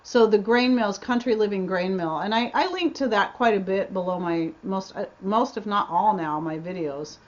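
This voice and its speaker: A chatty woman answers viewer questions on her homestead livestream, rambling and restarting her sentences as she goes. Her voice sits at an ordinary middle pitch. The webcam audio sounds a bit dull. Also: normal speed, hardly any pauses. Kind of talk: casual livestream Q&A chat. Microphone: webcam mic.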